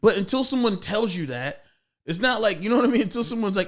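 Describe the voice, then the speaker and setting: A man's voice: high voice, lively intonation, fast talker. A man hosting a podcast, chatting casually and profanely with many restarts. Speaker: podcast host. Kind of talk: casual chat.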